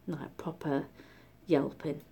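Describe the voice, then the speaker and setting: A middle-aged woman from Britain telling a story in a casual vlog, chatty and animated, often dropping to a whisper. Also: low voice, takes it slowly, creaky, slight background noise. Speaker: vlogger.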